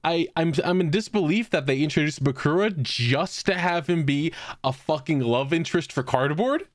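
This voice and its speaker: A man's voice: a little high, moderate pace, dry recording, clean studio sound. A man co-hosting a casual podcast chat, crude and jokey, telling anecdotes. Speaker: podcast co-host.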